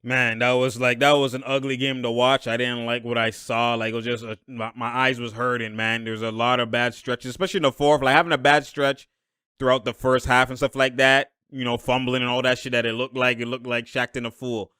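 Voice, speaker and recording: A young man reacting live to a basketball game, excitable and slangy, laughing often and yelling at plays. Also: medium pitch, brisk, clear, resonant tone, dry recording, studio quality.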